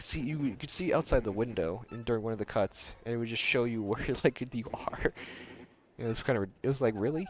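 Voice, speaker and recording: A young man casually commenting while live-streaming a game, chatting with viewers and reading on-screen dialogue aloud. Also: mid-range voice. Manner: chatty, answers chat, reads dialogue aloud in voices. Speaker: streamer playing a video game.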